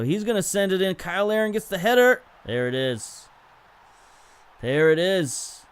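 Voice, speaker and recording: A young gaming video host offers casual, chatty play-by-play over highlights from a football management game. He gets excited whenever a chance comes up and corrects himself along the way.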